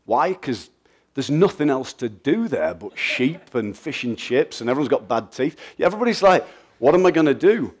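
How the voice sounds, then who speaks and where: A middle-aged man from England with an English accent, giving a lively, joking and blunt motivational talk at a festival, answering audience questions. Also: mid-range voice, moderate pace, breathy edge. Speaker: guest speaker.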